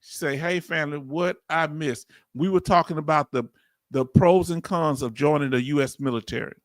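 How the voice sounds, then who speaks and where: A man's voice: fairly high pitch, normal speed, no echo, clean studio sound. A man in his fifties with a Southern US accent, hosting a casual livestream and reading viewer comments aloud. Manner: chatty, reads chat aloud, bursts of laughing excitement. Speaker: veteran livestream host.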